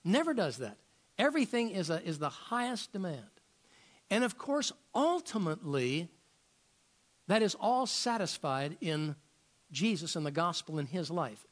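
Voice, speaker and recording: A man preaching a sermon as a pastor, firing off rhetorical questions and often repeating words as he searches for the next thought. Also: high-pitched.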